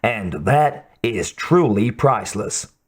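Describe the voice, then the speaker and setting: A man's voice: on the low side, animated, takes it slowly, breathy edge, full character voice. A man reading as an earnest male soldier in a promotional video, with a put-on Texan drawl.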